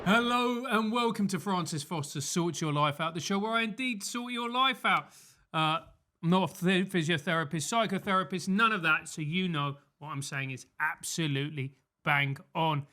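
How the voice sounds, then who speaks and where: Male podcast host, jokey banter, high voice with a bright edge. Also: moderate pace. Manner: jokey and teasing, laughs often. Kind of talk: casual comedic chat.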